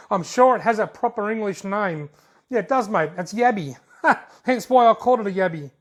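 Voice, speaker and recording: A man's voice: sits high, lively intonation, normal speed. An Australian man hosting a fishing video channel, casually reading out viewer comments in a jokey, laid-back way and chuckling often.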